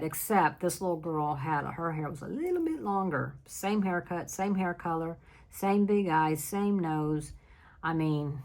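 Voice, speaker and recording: A middle-aged woman hosts a relaxed chat, telling a story with a low, gravelly voice. She laughs easily and jumps into lively voices when she quotes people. The talk rambles along in a friendly, conversational way. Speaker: craft channel host.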